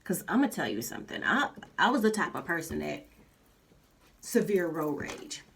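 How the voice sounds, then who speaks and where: Lady vlogging, low-ish voice, rambles and repeats herself, kinda far from the mic. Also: big pitch swings, moderate pace, vocal fry, a bit bright. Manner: candid, rambling, repeats herself, lots of fillers. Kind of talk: casual chat.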